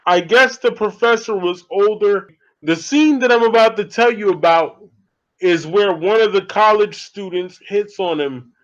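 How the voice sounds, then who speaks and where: A man in his thirties casually recapping a horror movie as an excitable, laughing storyteller, in a dull lo-fi recording. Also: sits high. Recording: dull lo-fi audio.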